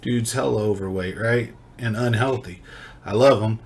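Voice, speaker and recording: A man's voice: on the low side, moderate pace, a little mellow, husky. A man, telling a personal story in a loose, rambling way, full of slang and swearing. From California. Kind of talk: casual storytelling.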